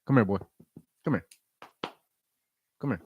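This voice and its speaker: A man's voice: fairly low pitch, a little slow, phone-quality sound, slight background noise. A man hosting his own vlog, giving blunt, profane commentary and repeating his points for emphasis. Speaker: vlog host. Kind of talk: casual rant commentary.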